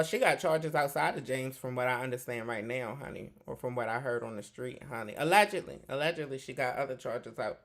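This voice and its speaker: Sassy gravelly-voiced host, calling everyone honey. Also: medium pitch, brisk, hardly any pauses, fairly bright tone. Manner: sassy, peppers talk with "child" and "honey". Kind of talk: casual commentary.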